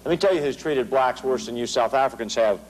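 A man's voice: medium pitch, quick pace, low-quality recording. A middle-aged American man giving a political lecture to a large audience, emphatic and sarcastic, driving points home with repeated phrases. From United States. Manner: emphatic, sarcastic, rhetorical repetition. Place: large hall before an audience.

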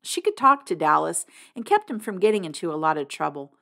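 A woman's voice: lowish voice, very animated, fairly quick, vocal fry, bright, forceful tone. A woman reading a novel aloud, narrating expressively in the first person. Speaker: reader.

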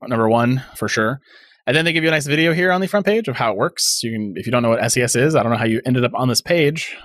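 Fast-talking sarcastic man, dry sound. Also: medium pitch, a bit bright, no room sound. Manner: sarcastic, rambling, thinks aloud. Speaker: podcast co-host. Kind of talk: casual tech chat.

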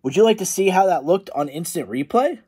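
Bossy, teasing little girl, as a man reads her aloud, sing-song, pitched up high for a storybook. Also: animated, a little fast, darkish tone, breathy edge. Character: bossy scheming young girl.

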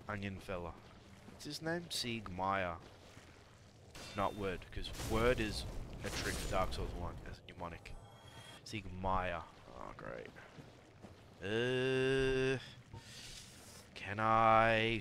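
Man, game streamer, slow talker, low-ish voice, jokey chat, noisy stream audio. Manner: chatty, jokey, talks to chat and enemies. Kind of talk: live gameplay commentary.

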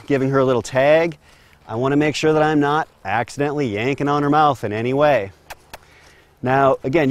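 This man has a mid-range voice and gives a calm, steady instructional demonstration. As a horse trainer, he talks while working a horse inside an outdoor round corral.

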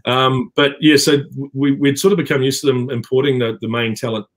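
A man's voice: medium pitch, flat delivery, a little fast. A middle-aged man with a New Zealand accent, talking casually on a video call with many fillers and restarts. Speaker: actor guest. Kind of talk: casual interview chat.

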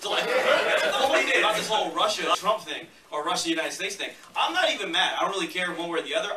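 A man in his thirties doing a stand-up set on a club stage, loud and swaggering, laughing through his jokes. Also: a little high. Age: 30s. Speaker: stand-up comedian. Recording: echoey room, far-off mic, loud noise.

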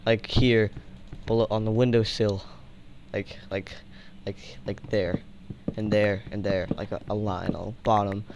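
A young man hosting a casual gaming video, rambling and joking, swinging from mumbles to shouts. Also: lowish voice, little pitch movement, unhurried, gravelly, dull audio, slight background noise. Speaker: gaming channel host.

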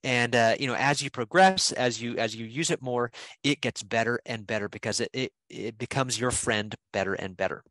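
A man as guest expert, explaining software in a friendly, casual way with frequent restarts. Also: mid-range voice, normal speed, no room sound, rough recording. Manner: friendly, repeats himself, restarts often.

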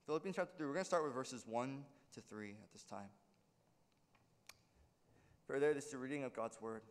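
A man's voice: medium pitch, normal speed, big-room sound. A male pastor preaching a sermon in an earnest way, often checking in with "right?" as he explains. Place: church sanctuary.

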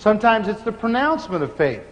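A man preaching, telling stories with animated laughter. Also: high voice, fast talker. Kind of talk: sermon storytelling. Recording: muffled hall recording with faint hiss.

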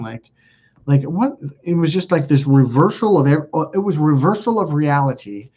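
Husky, blunt, swearing man. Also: a little high, lively intonation, normal speed, a little mellow. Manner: blunt, profane, rambling storyteller. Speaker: host. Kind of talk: casual livestream chat reading viewer comments. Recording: dull lo-fi recording.

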